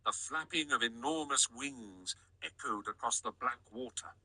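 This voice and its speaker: A man narrating an audiobook in a measured storytelling read. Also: mid-range voice, sharp tone, dry recording, poor audio. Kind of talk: scripted narration.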